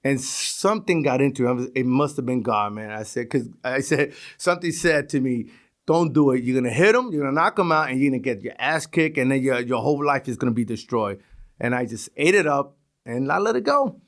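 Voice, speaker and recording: A man's voice: mid-range voice, a little fast. A middle-aged man with a New York accent, telling stories on a podcast and acting out the voices of the people in them. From East New York, Brooklyn. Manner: animated, acts out voices in his stories, swears. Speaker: podcast guest. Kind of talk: casual storytelling.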